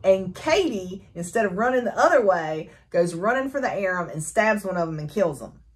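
A woman chatting casually as she recaps a novel for her book review, animated and full of fillers and laughs. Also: mid-range voice, moderate pace.

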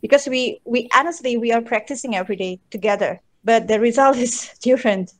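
A woman's voice: a little high, brisk. A woman with a mixed American and British accent, an English learner asking questions while searching for words. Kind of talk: conversational questions.

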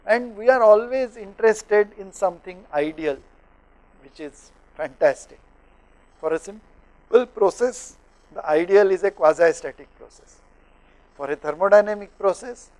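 A middle-aged man from India explains thermodynamics to teachers in a studio, relying on frequent fillers and pauses as he goes through examples. His pitch is high, his tone darkish, and the audio is poor.

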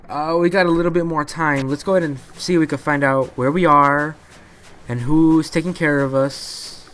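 A man doing live commentary as he plays a video game, excitable and talking to himself. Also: a little high, normal speed, a little hiss or hum. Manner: excitable, talks to himself while playing. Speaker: let's play gamer.

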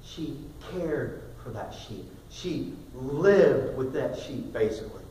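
A man preaching a sermon, telling a story in a quiet voice that rises into loud, emphatic bursts. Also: medium pitch, expressive, slow pace, a little hiss or hum. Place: church sanctuary. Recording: echoey hall recorded from far off.

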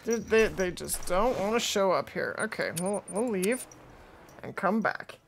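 A woman's voice: medium pitch, animated, unhurried, creaky, slight background noise. A woman chatting casually with her viewers while streaming a game from home, talking to her cat and laughing easily. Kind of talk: casual live-stream chat over gameplay.

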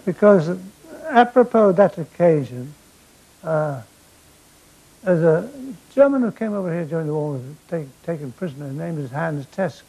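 An older man telling wartime comic anecdotes on stage, with dry deadpan timing and stammered restarts. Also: a little high, moderate pace, poor audio. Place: theatre stage before a laughing audience.

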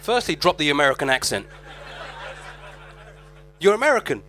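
A man's voice: fairly high pitch, very animated, normal speed, a little hiss or hum. Cheeky British male stand-up comic. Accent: British English. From Britain. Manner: cheeky, teasing, brash. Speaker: stand-up comedian. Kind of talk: stand-up comedy, crowd work. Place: comedy club stage. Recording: live club with loud crowd.

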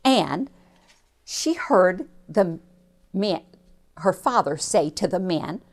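A woman telling a missionary story to children, expressive and slow, with preachy asides to her listeners. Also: lowish voice.

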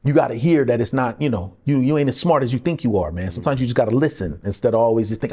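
This man, a middle-aged actor in a candid interview, speaks at medium pitch with a quick pace and few pauses. His conversational storytelling is animated, full of acted-out lines from other people and frequent laughs.

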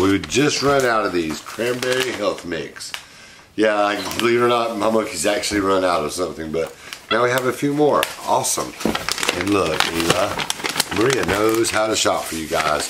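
A man's voice: fairly low pitch, noisy background. A man hosting a casual unboxing vlog, chatty and fond, often talking to his pets. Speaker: pet monkey owner and channel host.

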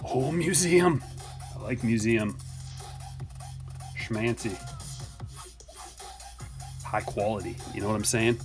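A man's voice: fairly low pitch, animated, takes it slowly, long pauses. Man, casual live-stream chatter, jokey, answers chat, faint music behind. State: a little out of breath. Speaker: card break streamer.

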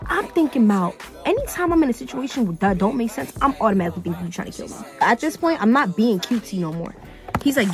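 A young adult woman vlogger, her voice on the high side and quick, gets ready while telling a dramatic storytime with faint music behind her. The retelling is animated, casual and slangy, and she acts out the people she quotes.

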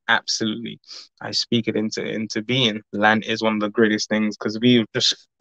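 A man's voice: on the low side, vocal fry, dry recording, lo-fi sound. A man hosting a casual livestream, reading out chat comments with rambling asides and frequent laughs. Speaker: livestream host.

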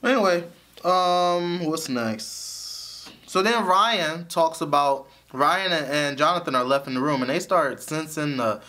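A man's voice: on the high side, a little slow, sharp tone. A man giving a casual, chatty recap of a TV episode, often laughing as he tells it. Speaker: show reviewer.

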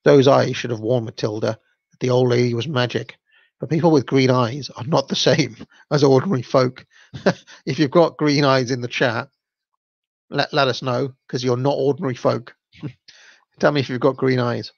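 A man's voice: medium pitch, steady tone, normal speed, vocal fry, no echo, dull audio. A man hosting a livestream, reading children's stories aloud and commenting in a chatty, hesitant way with fillers and laughs. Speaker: channel host.

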